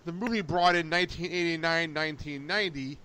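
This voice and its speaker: A young man hosting a casual podcast chat, excitable and quick to laugh as he tells stories. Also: fairly high pitch, a crowd in the background. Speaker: podcast host.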